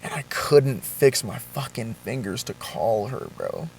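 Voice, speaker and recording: A young man vlogging a confessional story, shaken and halting, with swearing and frequent restarts. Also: mid-range voice, gravelly, slight background noise.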